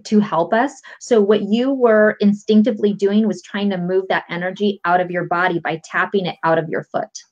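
A woman guest coach calmly walking listeners through a tapping technique step by step, with a patient, explanatory manner. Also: medium pitch, normal speed, hardly any pauses. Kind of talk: instructional explanation. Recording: lo-fi dull audio.

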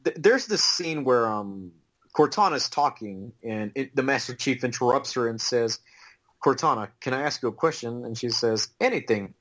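Laughing easily, a male podcast co-host talks in a casual chat, stumbling through ums and restarts. His mid-range voice has lively intonation, a bit of brightness, and normal speed.

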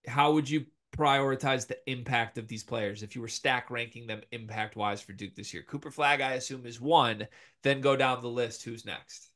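A young man co-hosting a casual sports talk show, animated and opinionated as he ranks players, with the hiccups. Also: medium pitch. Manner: animated, opinionated, quick rankings. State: has the hiccups. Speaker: podcast co-host.

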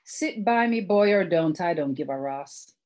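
A woman's voice: lowish voice, lively intonation, unhurried, a little mellow. A woman voicing a bold, commanding older woman cook who teases and scorns a young man, read from her novel. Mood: mocking, commanding. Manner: teasing, scornful, then stern. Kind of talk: reading her novel aloud.

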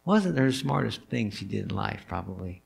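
A male pastor preaching a sermon in a church, telling the story in an animated way and asking the listeners questions. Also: lowish voice, moderate pace, gravelly, husky. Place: church sanctuary.

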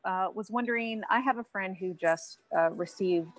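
A woman's voice: mid-range voice, moderate pace, dry recording. A woman audience member asking a tentative question on a video call. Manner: tentative, fillers.

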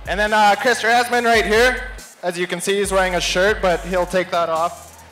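A young man, speaking in a notably high voice. He introduces his friends with goofy, deadpan jokes in a loose, casual acceptance speech. Faint music plays behind him at an awards-night bar. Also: normal speed. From Canada.

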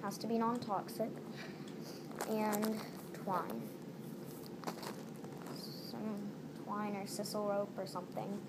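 A woman's voice: medium pitch, flat delivery, slow, pauses often. A woman talking casually through a step-by-step craft tutorial at home, repeating each step as she goes. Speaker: DIY tutorial maker. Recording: noisy home recording.

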